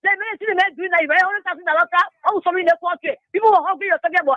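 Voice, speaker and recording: A woman's voice: extremely high pitch, racing, hardly any pauses, no room sound. A woman calling in to a radio show, scolding and preaching with passion. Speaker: caller. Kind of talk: call-in rant. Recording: muffled phone line.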